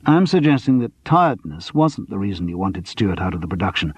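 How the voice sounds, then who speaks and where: A man voicing a calm, quietly insistent man questioning someone, in a storybook reading. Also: deep voice, breathy edge, no echo, heavily acted. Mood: probing. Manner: measured, persistent, cool. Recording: dull lo-fi dry audiobook recording.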